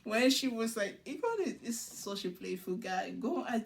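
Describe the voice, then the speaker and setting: A woman's voice: a little high, very animated, moderate pace, gravelly, a little hiss or hum. A woman recapping a show episode in casual commentary, laughing often and acting out the cast's lines. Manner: laughs often while retelling scenes; acts out cast members' lines in quotes.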